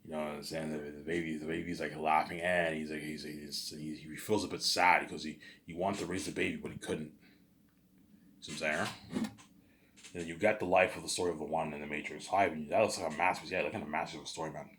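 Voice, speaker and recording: Male storyteller, low register, loose rambling delivery full of stammers and repeated fillers, with sudden excited outbursts. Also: quick pace, slight background noise. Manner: repetitive and stammering, with constant "you know what I'm saying" fillers; bursts into excited loud asides. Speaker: storyteller pitching a film idea.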